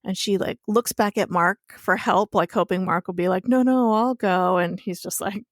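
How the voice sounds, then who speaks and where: A woman's voice: fairly low pitch, steady tone, moderate pace, a bit bright, no room sound. Chatty woman recapping a show, dry sound. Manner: chatty storytelling with casual swearing. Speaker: podcast co-host. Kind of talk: casual TV recap chat.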